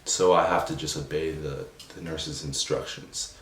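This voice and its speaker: Young guy, deep voice, kinda halting and emotional, far off mic, echoey room. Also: fairly even intonation. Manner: halting, full of restarts and "like" fillers; subdued and emotional. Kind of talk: personal storytelling. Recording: roomy echo, distant from the mic, faint noise.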